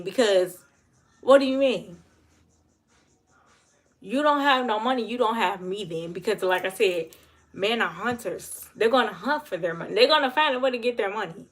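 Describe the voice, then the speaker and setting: A woman's voice: on the high side, moderate pace, pauses often. A woman giving blunt, emphatic advice to her viewers on a casual livestream and answering the chat. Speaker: livestream host.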